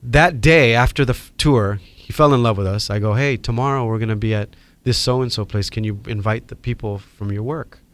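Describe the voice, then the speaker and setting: A middle-aged man, a podcast guest telling a story in casual, animated chat and acting out the people in it. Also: medium pitch, normal speed, hardly any pauses. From Hawaii. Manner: animated, acts out quoted voices.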